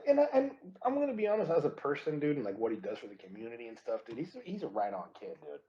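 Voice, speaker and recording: A man co-hosting a podcast in casual sports chat, animated, saying "dude" constantly and often restarting his sentences. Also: mid-range voice, racing, muffled recording. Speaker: podcast co-host.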